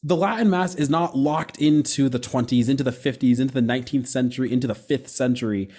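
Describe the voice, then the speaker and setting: A young man hosting a casual conversation on faith, animated and quick, with frequent asides and self-corrections. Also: medium pitch.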